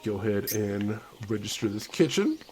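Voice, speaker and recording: A man's voice: fairly low pitch, sing-song, moderate pace, over music. A man casually commentating a game live stream, chatting with his viewers and laughing often.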